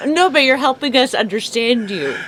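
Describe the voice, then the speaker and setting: A woman's voice: a little high, expressive, moderate pace, a bit bright. A woman co-hosting a casual chat show, laughing often and musing about human nature. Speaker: co-host. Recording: faint background noise.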